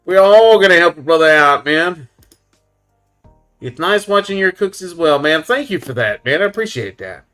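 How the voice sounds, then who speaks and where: A man hosting a casual barbecue livestream, chatting loosely with viewers and giving shout-outs. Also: a little high, animated, moderate pace, faint music behind. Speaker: livestream host.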